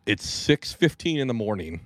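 A man's voice: on the low side, sing-song, moderate pace, a bit bright, no room sound. A man in his forties from the Pacific Northwest, hosting a casual podcast chat and telling stories with lots of swearing and jokes. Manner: profane, joking storyteller. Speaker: podcast host.

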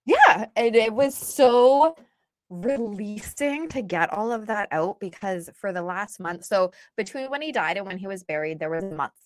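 A woman telling personal stories in candid conversation, blunt and animated, often laughing. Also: mid-range voice, normal speed, dry recording, studio quality. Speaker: guest sharing personal stories.

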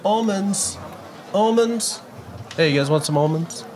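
A man voicing a pushy male almond seller in a tabletop game, loud and brash. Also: sits high, a little slow, background noise, pitched above the performer's own voice.

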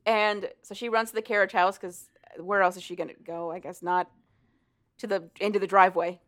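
A woman casually recapping a story for a co-host, animated and profane, laughing often as she talks. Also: medium pitch, brisk. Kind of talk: casual chat.

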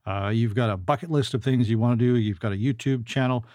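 Canadian man, podcast host, easygoing, mid-pitched, dry close sound. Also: quick pace, a little mellow, dry recording. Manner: friendly, chatty, with many fillers and restarts. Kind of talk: casual interview chat.

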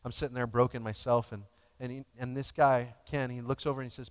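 A man's voice: medium pitch, flat delivery, fast talker, clean tone. A male pastor giving a sermon in a conversational, emotional way, joking with his congregation. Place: church sanctuary. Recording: long hall reverb.

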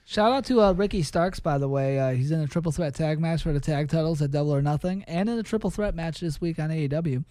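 A man's voice: fairly high pitch, fast, few pauses, mellow, no echo. A man who is a guest on a wrestling podcast in casual chat, brash and swearing freely as he plugs his own sports podcast.

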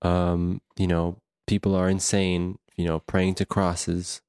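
A man casually recounting his first impressions of a film, telling it in a slow, meandering way. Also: sits low, monotone, noisy background. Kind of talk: casual movie review chat.

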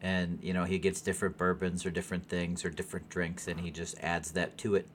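A man's voice: sits low, monotone, fairly quick, slight background noise. A man co-hosting a podcast in casual chat, mostly giving short replies and dry remarks. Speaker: podcast co-host.

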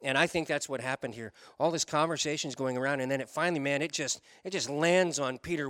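A man preaching a sermon, telling a story in an animated way, switching between quick runs and slow, stressed words. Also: on the high side, no echo, studio quality. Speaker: pastor.

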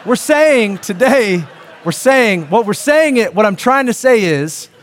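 A man with a fairly high voice preaching a sermon. He talks to his congregation in an animated, conversational way, breaking off into asides and restarting his sentences. His pitch rises and falls freely as he builds his points. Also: measured pace. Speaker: pastor.

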